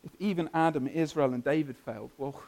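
A man preaching a sermon, earnest and emphatic, building up and then softening to a quiet close. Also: a little high, fairly quick. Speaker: pastor.

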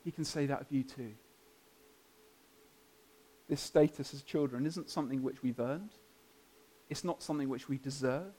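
A man preaching a sermon, earnest and emphatic, building up and then softening to a quiet close. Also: medium pitch, normal speed, long pauses. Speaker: pastor.

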